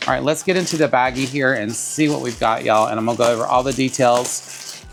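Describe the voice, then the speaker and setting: A man talks through an unboxing in a chatty, gushing way, calling his viewers y'all. His mid-pitched voice has a gravelly fry to it. Soft music plays faintly underneath. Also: steady tone, a little fast. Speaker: bag reviewer. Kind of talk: casual unboxing vlog.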